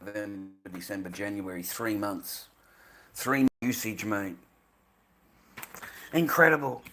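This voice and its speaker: A man's voice: on the low side, measured pace, sharp tone, slight background noise. An Australian man ranting to camera in a profane, repetitive way, calling everyone "mate". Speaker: vlogger.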